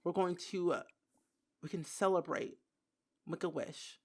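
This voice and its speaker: A young woman giving casual gameplay commentary who giggles, gets excited and says "like" a lot. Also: lowish voice, a little slow. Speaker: gaming video creator.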